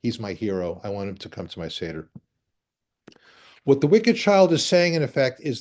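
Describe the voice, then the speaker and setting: A middle-aged man giving an illustrated lecture, wry and animated, at times spelling out names for his audience. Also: medium pitch, normal speed, pauses often.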